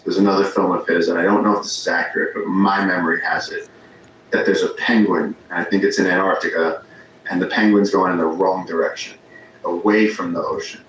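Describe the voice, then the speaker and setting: A man's voice: deep voice, fairly bright tone. A man, a podcast guest, telling rambling stories in casual conversation, often restarting his sentences. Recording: very echoey room with faint ambience noise.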